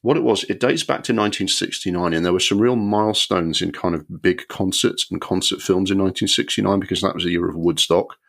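A man co-hosts a film podcast in a relaxed, chatty way. His voice sits very low and deep. He is opinionated and rambles, often restarting his sentences. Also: brisk, vocal fry, hardly any pauses. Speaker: podcast co-host. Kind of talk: casual film review chat.

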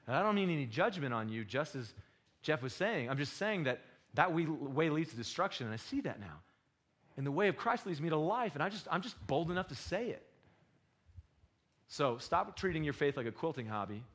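A man preaching a sermon, with a slightly raised pitch. He fires rhetorical questions at his congregation. His delivery swings from fervent, loud peaks to quiet, intimate lows. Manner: impassioned, swings between loud and hushed. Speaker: pastor.

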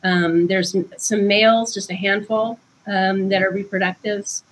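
Husky-voiced woman explaining ideas. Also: medium pitch, fairly even intonation, rough recording. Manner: thoughtful, unhurried, with frequent ums. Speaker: guest author. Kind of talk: conversational explaining.

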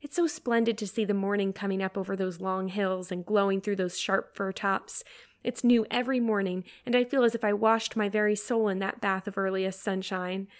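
A woman's voice: medium pitch, fairly even intonation, normal speed, close to an everyday voice. A woman reading aloud, voicing an eager, dreamy teenage girl who talks effusively. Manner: romantic, effusive.

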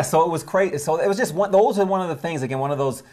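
A man's voice: on the high side, rapid-fire, a little mellow, slight background noise. An earnest middle-aged man shares his story in an easy, unpolished conversational voice. He stumbles and restarts often, leaning on "you know" as he gathers his thoughts.

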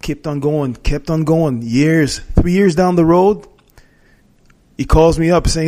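A middle-aged man with a fairly high voice, speaking as a guest in a relaxed conversation. He tells a personal story earnestly, stopping often to restart or correct himself. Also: slow pace.

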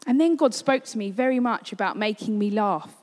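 A woman's voice: medium pitch, lively intonation, fairly quick, a little mellow. A woman giving a sermon, telling a personal story in an earnest way. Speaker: preacher. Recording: long hall reverb.

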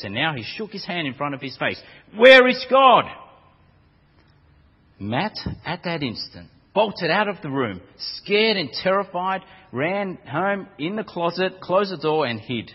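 A man preaching a sermon in a husky voice, his pitch rising and falling with life as he tells his story. The recording is dull and lo-fi, with a long hall reverb around him. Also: measured pace. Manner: storytelling, lively and animated.

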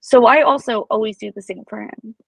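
A woman's voice: on the high side, fairly quick, creaky, dry recording, low-quality recording. A young woman co-hosting a podcast, chatting casually and acting out quotes as she tells stories. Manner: animated storyteller who acts out quotes. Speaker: podcast co-host. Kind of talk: casual chat.

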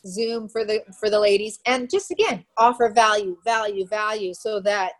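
A woman talking casually in a recorded clip, quick and given to laughing. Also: mid-range voice.

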